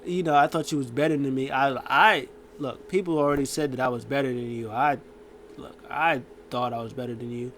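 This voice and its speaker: A man doing a quick impression of a flustered adult male wrestler who stammers and pleads. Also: medium pitch, steady tone, fairly bright tone, slight background noise, lightly acted. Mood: pleading.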